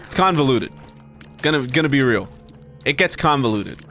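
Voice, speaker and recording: Animated young man streaming gameplay. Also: medium pitch, moderate pace, faint music behind. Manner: animated, swearing, frequent laughter. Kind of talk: casual gameplay commentary.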